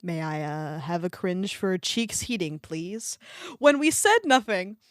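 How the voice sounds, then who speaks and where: A woman's voice: mid-range voice, measured pace, a bit bright, dry recording, clean studio sound. A woman streamer reading fan fiction aloud on a live stream, often breaking off to laugh and react to her chat, with a desk microphone.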